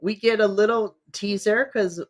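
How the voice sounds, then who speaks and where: A co-host on a casual wrestling review podcast with a mid-pitched voice. The talk is enthusiastic and chatty, full of quick asides. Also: fairly even intonation.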